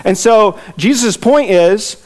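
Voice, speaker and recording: A man's voice: high-pitched, animated, slow. A man preaching an expository sermon, emphatic and repeating his key lines. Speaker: pastor.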